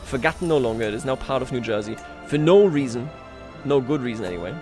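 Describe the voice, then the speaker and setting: A man's voice: mid-range voice, expressive, fast, darkish tone, soft background music. A man livestreaming a strategy game, talking casually to his chat, self-mocking and chuckling often. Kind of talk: casual gameplay commentary.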